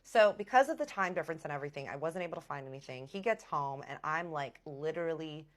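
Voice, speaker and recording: A woman telling a personal story in a vlog, animated and dramatic, with big emotional swings. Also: deep voice, fast. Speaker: vlogger.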